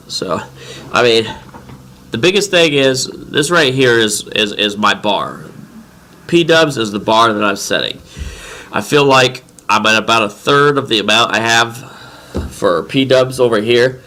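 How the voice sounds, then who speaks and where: A congested man talking casually through his trading bot settings, rambling with halting restarts. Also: lowish voice, bright, forceful tone. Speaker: crypto trading bot vlogger. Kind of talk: casual screen-share commentary.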